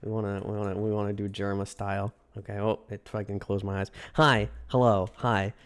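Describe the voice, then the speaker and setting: A man's voice: fairly low pitch, flat delivery, brisk, clear, resonant tone. A man livestreaming and chatting casually with viewers, greeting them in singsong runs and joking in a dramatic, self-mocking way. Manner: repeats greetings in a singsong run. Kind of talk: casual chat with live viewers.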